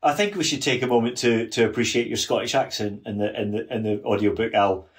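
A man's voice: medium pitch, fast talker. A man guesting on a history podcast, earnest and detailed, often restarting his sentences as he explains. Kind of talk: casual history podcast chat.

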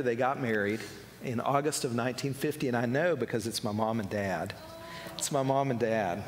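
A man preaching a sermon, telling a family love story in a gentle storytelling manner and speaking softly in the tender parts. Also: slight background noise. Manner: gentle storyteller, voices the people in his tale, drops soft and low for tender moments. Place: large meeting hall. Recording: long reverb of a large hall.

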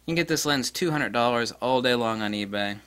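A man giving a casual gear review in a blunt, crude and excitable way, breaking into laughter. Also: medium pitch, fairly quick, clear, resonant tone. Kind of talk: casual product review vlog.

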